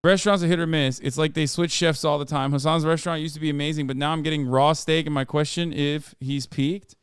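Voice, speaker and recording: A man hosting a livestream in casual chat, reading viewer posts aloud in an offhand, sarcastic way with loud outbursts. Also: fairly high pitch, steady tone, brisk, clear, resonant tone, dry recording, clean studio sound. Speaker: livestream host.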